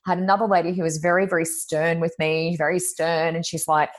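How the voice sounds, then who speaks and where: Chatty lady medium, lowish voice, you know-ing a lot, acts out the quotes. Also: little pitch movement, fairly quick, few pauses. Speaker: psychic medium, guest. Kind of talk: casual interview storytelling.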